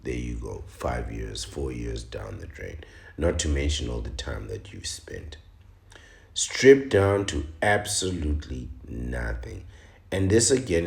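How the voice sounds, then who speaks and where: A man hosting a commentary show, reading a news article aloud and reacting to it with slow, dramatic, mocking remarks and sudden loud exclamations. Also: very deep voice, creaky, roomy sound. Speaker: commentary channel host.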